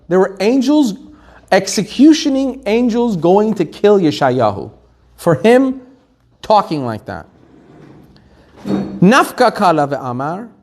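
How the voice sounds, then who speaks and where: Animated high-voiced rabbi teaching Torah. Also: male voice. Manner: animated storytelling, acting out quotes. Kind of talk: Torah class sermon.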